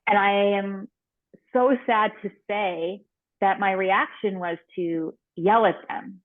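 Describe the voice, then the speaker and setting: A woman's voice: mid-range voice, takes it slowly, no echo. A woman confidence coach candidly telling a personal story in an online workshop over a video call. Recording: tinny phone-like call audio.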